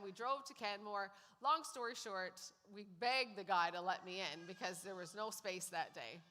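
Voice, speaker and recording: A woman's voice: medium pitch, bright, forceful tone. A woman sharing a personal testimony at a church service, telling her story and acting out what people said. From Canada. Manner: storytelling, acts out quoted lines. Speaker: guest speaker sharing testimony. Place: church sanctuary. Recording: long hall reverb in a church.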